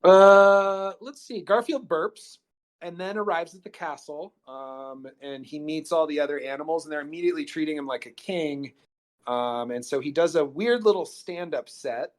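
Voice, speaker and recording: A man with a voice pitched a bit above most men recaps a film for his podcast co-host. He rambles through the plot in easy, filler-laden chat. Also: moderate pace. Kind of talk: casual movie recap chat.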